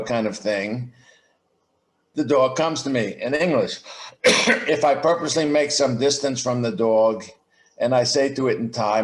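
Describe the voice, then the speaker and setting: A mid-range male voice in an echoey room: he's a podcast guest on a video call, thoughtfully explaining his ideas. The interview is conversational, his pace slow and reflective, with many restarted sentences.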